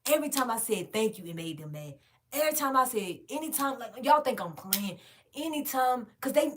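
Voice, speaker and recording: A woman's voice: fairly high pitch, brisk, a little hiss or hum. A woman, casually and profanely telling viewers a long story about a job. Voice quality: frank, profane, animated storytelling.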